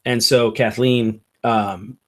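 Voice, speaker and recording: A man narrating a tabletop game as game master, in slow, halting narration with fillers. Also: mid-range voice, fairly even intonation.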